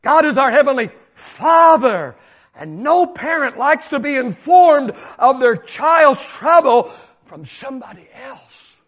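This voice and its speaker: An older pastor delivers a sermon, hammering home repeated phrases and swinging between shouting and hushed asides. His voice is very high-pitched and expressive, and he takes his time.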